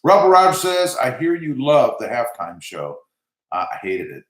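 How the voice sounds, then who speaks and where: A man with a Southern American accent chats casually on a live stream, reading out viewer comments between easygoing asides. His voice sits at an ordinary middle pitch. The sound carries a noticeable room echo. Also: moderate pace. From South Texas. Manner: relaxed, chatty, reads comments aloud with filler words. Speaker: channel host reading live chat.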